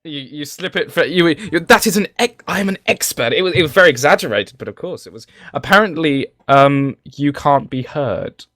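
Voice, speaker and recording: A man's voice: a little high, animated, moderate pace, long pauses, a bit bright, no room sound, studio quality. A man co-hosting a casual podcast live stream, talking hesitantly with lots of fillers and restarts. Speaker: podcast co-host.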